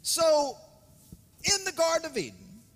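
A man preaching a sermon with dramatic swings between loud emphasis and hushed asides. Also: very high voice, animated, a little slow. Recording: reverberant hall, speaker off-mic at times.

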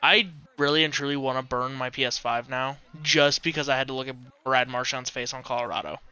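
A male streamer giving casual live commentary over a hockey game, excitable and swearing freely. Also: medium pitch, brisk, clear, resonant tone.

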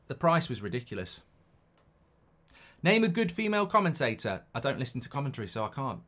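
A man's voice: mid-range voice, sing-song, a little fast, pauses often, fairly bright tone. A middle-aged man hosts a football watchalong live stream, chatting casually, reading out viewer comments and giving rambling, opinionated answers with many restarts.

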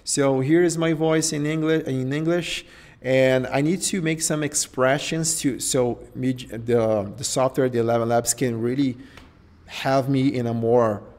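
A man's voice: medium pitch, fairly even intonation, measured pace, a little mellow. A man with a Portuguese accent, a native Portuguese speaker, hosting a live screen-share tutorial and thinking aloud, often tagging his sentences with "okay?" and "right?". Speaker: host.

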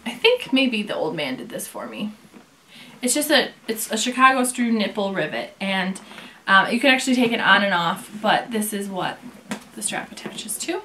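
A woman reviewing leather bags, talking casually and telling an animated story with plenty of quoted back-and-forth. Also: mid-range voice, normal speed, a little hiss or hum.

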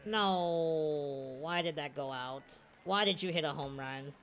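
A woman's voice: deep voice, takes it slowly, slight background noise. A woman giving live video game commentary, cheering and groaning at every play. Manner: excitable, cheers and groans at plays. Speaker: gaming streamer.

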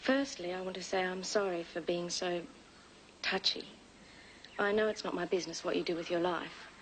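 A woman's voice: fairly low pitch, normal speed, a little hiss or hum, natural voice, rough recording. An actress playing an earnest, pleading young woman in the style of 1980s TV soap acting.

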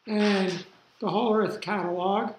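An older man lectures at a slow, unhurried pace, drifting into relaxed asides. His voice sits fairly high for a man. The sound is roomy, as if recorded in a lecture hall. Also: background noise. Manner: rambling, relaxed asides with fillers. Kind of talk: university lecture.

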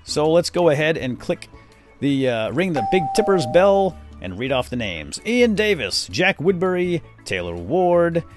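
A man's voice: on the high side, sing-song, a little slow, loud music behind the voice. A middle-aged man hosting a casual game commentary, chatty and rambling as he tells stories and narrates what he is doing. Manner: chatty storyteller, rambling asides. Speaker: host. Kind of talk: casual let's-play commentary.

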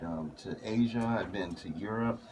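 A man's voice: on the low side, normal speed, background noise. An American man hosting a casual radio interview, blunt and joking. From United States. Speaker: radio host.

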